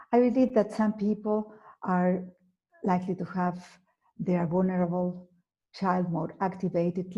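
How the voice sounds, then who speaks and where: A woman with an Argentine Spanish accent, a native Spanish speaker, giving a conference lecture on therapy in a measured way, with frequent fillers and self-corrections. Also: lowish voice, warm tone, highs cut off. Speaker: psychotherapist presenting at a conference. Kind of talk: lecture presentation.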